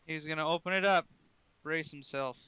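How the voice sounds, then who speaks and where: A man plays in a tabletop game and comments with short, dry, wry lines. His voice is bright and very smooth, and he sits a little above average in pitch. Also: moderate pace, no echo, rough recording. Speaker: player. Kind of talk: casual tabletop game banter.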